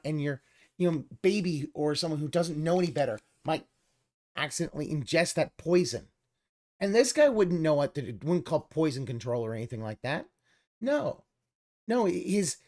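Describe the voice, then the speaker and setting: A woman's voice: on the low side, expressive, normal speed, a little mellow. A woman streamer reacting to a video in an exasperated, sarcastic, profane rant, now and then mocking the person she is watching. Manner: exasperated, sarcastic, swears a lot, mocking voices. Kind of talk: profane ranting reaction commentary.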